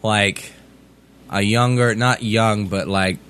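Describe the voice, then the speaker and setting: A man's voice: on the low side, fairly even intonation, takes it slowly, a bit bright, clear, resonant tone. A man co-hosting a stream, joking bluntly and swearing freely in casual chat. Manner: blunt, profane, wisecracking. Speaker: stream co-host.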